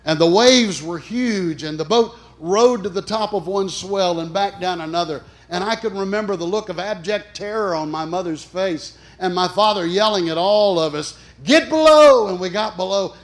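Man, middle-aged, sermon, emphatic, loud-soft swings, somewhat high voice. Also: normal speed, few pauses. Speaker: chaplain preacher.

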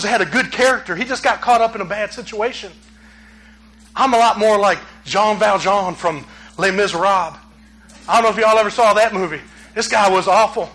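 A man preaching a sermon in a very high, forceful, bright voice. He tells stories with lively animation and sometimes acts out the quotes. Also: rough recording. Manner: animated storytelling with acted quotes, rising to near shouts.

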